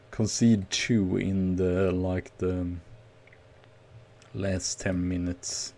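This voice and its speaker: Gravelly, slow-talking male game streamer. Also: sits low, slight background noise. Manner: nervous, excitable play-by-play with outbursts. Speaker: gaming streamer. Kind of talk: casual game commentary.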